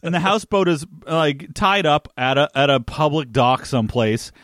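A man's voice: fairly high pitch, expressive, moderate pace, fairly bright tone, dry recording, clean studio sound. Analytical man talking an episode through. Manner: analytical, talks things through. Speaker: podcast co-host. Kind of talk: casual recap chat.

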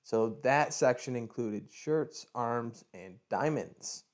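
Man, casual podcast chat, jokey, methodical explaining, mid pitch. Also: takes it slowly. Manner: jokey, laughs easily, explains his project step by step. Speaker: podcast co-host.

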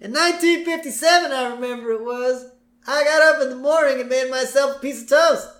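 A man's voice: very high voice, brisk, a bit bright, voice pushed up. A man putting on a rambling, attention-starved old grandpa telling a long-winded story. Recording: roomy echo.

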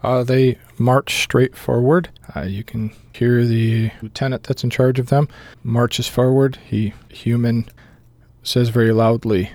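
A man running a tabletop game as game master, narrating scenes in a measured way with filler pauses. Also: medium pitch, level tone, darkish tone, dry recording.

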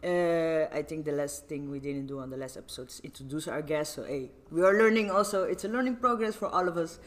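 Giggly young podcast host. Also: male voice, fairly high pitch, brisk, a bit bright. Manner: rambling, giggly, self-interrupting. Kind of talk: casual podcast chat.

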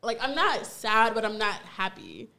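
A woman's voice: on the high side, big pitch swings, a little slow, vocal fry, a loud crowd. A woman hosting a casual podcast chat, laid-back and slangy, laughing often. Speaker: podcast host.

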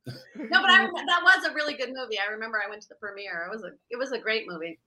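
An older woman chatting as a panel guest in a casual, animated, laughing way over a video call. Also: on the high side, very fast.

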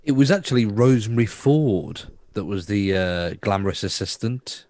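A man chiming in on a casual podcast in a relaxed way. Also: lowish voice, moderate pace, no echo. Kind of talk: casual chat.

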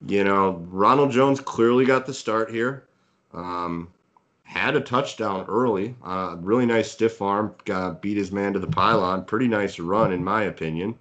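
Very deep-voiced man analyzing football. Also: measured pace, fairly bright tone, highs cut off. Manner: hedging, filler-heavy, analytical. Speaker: fantasy football podcast co-host. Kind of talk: casual sports analysis chat.

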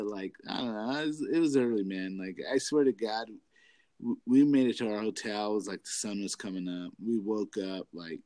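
A man's voice: lowish voice, warm tone, no room sound. A young adult man rambling through a profane story in casual chat, laughing often.

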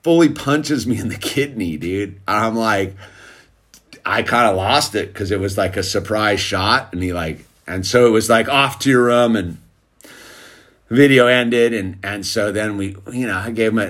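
A man's voice: lowish voice, moderate pace, a bit bright. A man casually telling a story about his son to camera, rambling and peppering it with "dude" and "like". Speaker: father telling a family story.

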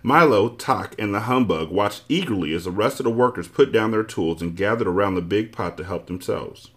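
Male storybook narrator, low voice, animated reading. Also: fairly quick. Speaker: podcast host reading aloud.

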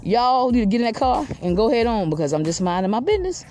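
A woman voicing a big, calm male tiger who mocks small animals in a slow drawl. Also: on the high side, over music. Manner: slow, drawling, laughs off threats.

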